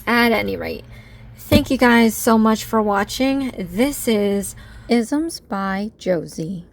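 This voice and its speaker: A woman crafting vlogger talking through a casual unboxing haul, gushing and easily excited over each item. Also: mid-range voice, takes it slowly, gravelly.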